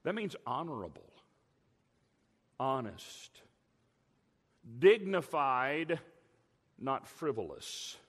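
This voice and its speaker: An older man preaching a sermon as a pastor, emphatic, drawing out key words slowly. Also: medium pitch, a bit bright. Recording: long hall reverb.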